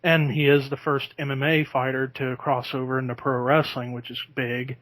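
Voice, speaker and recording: A man's voice: mid-range voice, little pitch movement, moderate pace, a bit bright, dry recording. A man hosting a podcast in casual chat, talking easily and breaking into laughter. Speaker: podcast host.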